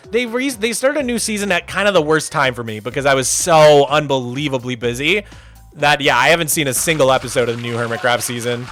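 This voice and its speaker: A man's voice: fairly high pitch, fairly quick, a bit bright, faint music behind. A man streaming a game, chatting casually, answering viewer questions and thanking donors as they come in. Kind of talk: casual livestream chat.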